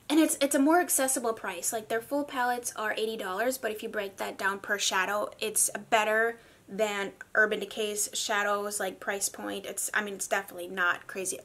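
Bright-voiced chatty woman beauty vlogger. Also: mid-range voice, moderate pace. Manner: chatty and gushing, with animated asides. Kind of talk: casual makeup review vlog.

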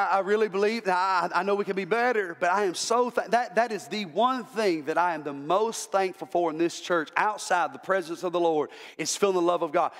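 A man's voice: sits high, big-room sound. A male pastor preaching an impassioned sermon, repeating words as he builds to emphatic calls. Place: church sanctuary.

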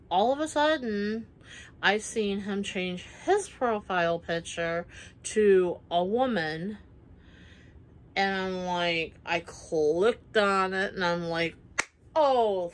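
A woman vlogger telling a personal story in casual chat, rambling with many fillers and acting out what people said. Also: lowish voice. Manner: rambling, many fillers, acts out quoted lines.

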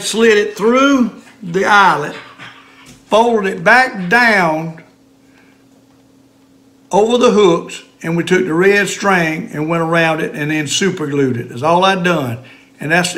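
Folksy older man, high voice. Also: fairly bright tone. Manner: folksy, chatty, drawling. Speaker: fishing vlogger. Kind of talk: casual fishing vlog. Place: outdoors at a lake.

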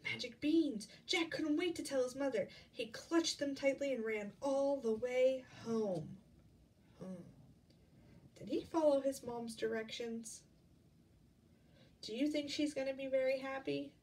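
A woman reads a picture book aloud, stopping to ask children gentle questions. Her pace is slow and her voice sits a little high. The mic is set back, with faint ambience in the room. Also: distant mic, a little hiss or hum. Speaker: storyteller reading to children.

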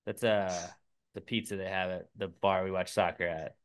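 A young man hosting a casual podcast chat, jokey and animated, jumping between loud bursts and low mutters. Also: moderate pace, clean tone. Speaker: podcast host.

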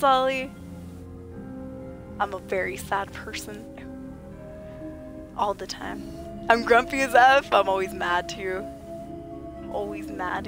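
A woman livestreaming a game, chatting playfully with viewers and laughing often, her voice a little rough from being sick. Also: medium pitch. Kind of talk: casual livestream chat with viewers.

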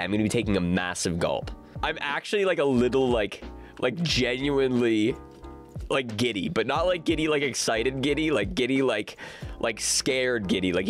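A young man giving casual commentary on his own gameplay, excitable and rambling, often bursting into panicked shouts. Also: medium pitch. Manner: excitable, yells "no" in bursts, filler-heavy rambling. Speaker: gaming YouTuber. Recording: music playing behind the voice.

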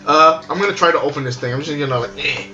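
A man's voice: fairly high pitch, fast talker, bright, forceful tone, echoey room, dull audio, faint music behind. A man playing a tabletop game, rambling and restarting as he declares what his character does. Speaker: player. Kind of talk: casual tabletop game play.

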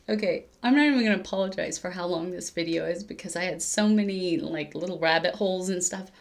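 A woman chatting casually on her cross-stitch vlog, rambling, correcting herself as she goes and laughing often. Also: medium pitch. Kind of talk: casual crafting vlog chat.

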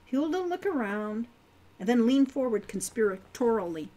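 A woman's voice: medium pitch, normal speed. A woman narrating a fantasy novel as an audiobook, reading expressively. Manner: expressive storytelling read.

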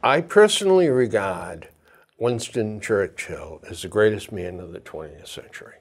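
A man's voice: on the low side, animated, moderate pace, slightly rough. A man hosting a community TV interview, asking short, encouraging questions. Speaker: host. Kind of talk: casual TV interview. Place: community TV studio.

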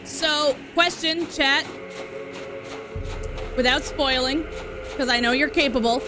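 Game music plays behind a woman live-streaming her gameplay, her voice high-pitched and slow. She chats expressively with her viewers, shifting from gushing to grumbling.

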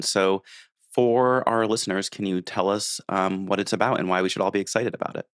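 A man co-hosts a book podcast, relaxed and working loosely from a script. His voice is very deep and sounds dry and close to the mic. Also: a little fast, no room sound. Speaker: podcast co-host. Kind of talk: podcast interview.

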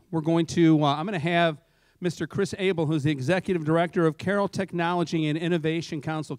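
Man, emcee, casual, chatty, fairly high voice, dry sound. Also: no echo. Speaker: chamber president and emcee. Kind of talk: event welcome remarks. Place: college event hall.

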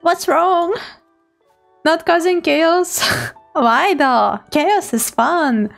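A woman with a very high, gravelly voice streams as a VTuber, chatting casually with viewers and drawing out her words. Bubbly and giggly, she teases playfully as she greets people, with soft music playing faintly behind her.

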